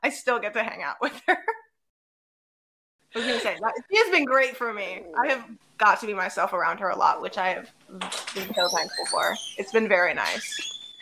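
A young woman tells stories in a casual podcast chat, acting out what each person said in quick little bursts. Her voice is bright and forceful, and her pitch sits in a middle range. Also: creaky, a little hiss or hum. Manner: animated storytelling, acting out quotes. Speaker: podcast co-host.

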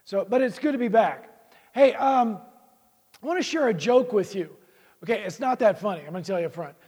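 A man gives a sermon in a church, rambling and self-deprecating, with plenty of restarts. His voice sits high and sounds a bit husky. The sound carries a long hall reverb. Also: lively intonation, brisk, darkish tone. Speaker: guest preacher, college vice president. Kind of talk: sermon with jokes.

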